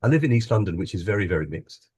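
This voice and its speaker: A man's voice: fairly low pitch, big pitch swings, fast talker, a little mellow, slightly rough. A man who grew up in Scotland, telling a personal story on a panel in an earnest, reflective way. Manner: earnest, reflective, with restarts and laughs. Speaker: wellbeing coach, panel guest.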